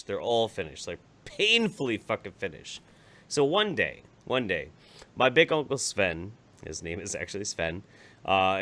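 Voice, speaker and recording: Animated, profane male storyteller. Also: on the low side. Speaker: podcast co-host. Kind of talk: casual comedic storytelling.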